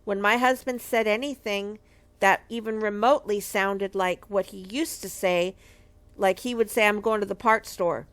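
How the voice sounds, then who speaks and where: A woman's voice: medium pitch, steady tone, normal speed, fairly bright tone. A middle-aged woman from a marriage ministry, giving an earnest, emphatic testimony and repeating key phrases for weight. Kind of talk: personal testimony teaching.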